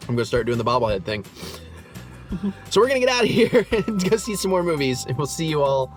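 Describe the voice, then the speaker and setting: An enthusiastic man talks through a movie in a quick, eager rush, laughing and swearing casually as he geeks out. Faint music plays behind him. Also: on the high side, big pitch swings. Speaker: movie review host. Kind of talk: excited casual movie chat.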